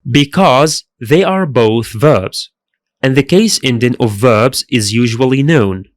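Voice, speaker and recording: A man's voice: medium pitch, takes it slowly, no room sound. A man teaching a pronunciation lesson in careful scripted narration, repeating each sound twice. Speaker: language teacher.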